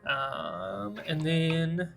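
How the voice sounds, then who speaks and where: A man's voice: fairly high pitch, very animated, drawn-out words, creaky. A man running a tabletop game as game master, narrating casually and laughing often, with faint music behind. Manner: casual, laughs often, thinks aloud while drawing the map.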